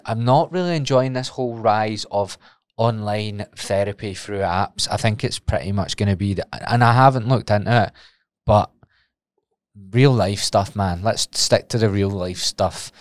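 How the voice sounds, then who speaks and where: Scottish podcast host, slightly low-pitched, tangent-prone, casual and sweary, dry close sound. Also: male voice, normal speed, no room sound. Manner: rambling, goes off on tangents. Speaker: podcast host and personal trainer. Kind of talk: solo podcast monologue.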